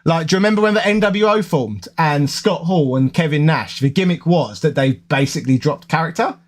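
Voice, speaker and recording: Chatty man with a London accent. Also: sits high. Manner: rambling, conversational, self-correcting. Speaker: gaming YouTuber. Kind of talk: casual chat to viewers.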